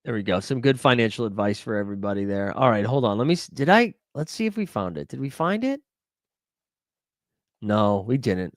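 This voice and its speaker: A man's voice: fairly low pitch, animated, a little fast, no room sound, clean studio sound. A young man hosting a live stream, rambling casually and joking with his chat as he searches for something. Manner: rambling, jokey, talks to chat while searching. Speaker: livestream host.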